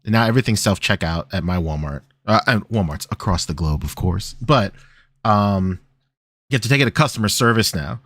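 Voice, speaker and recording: A man from the Philippines chats on a podcast and tells animated stories with frequent laughter. His voice sits low but jumps around a lot. The sound is dry and close. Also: moderate pace, dry recording. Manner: animated storyteller, laughs often. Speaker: podcast co-host. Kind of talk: casual chat.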